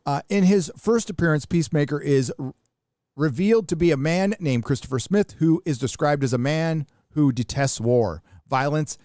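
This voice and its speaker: A middle-aged American man hosts a live stream, offering blunt, profane, rambling commentary in a casual style and restarting often. His voice is fairly high and a little mellow, with a moderate pace, captured in a dry, clean studio recording.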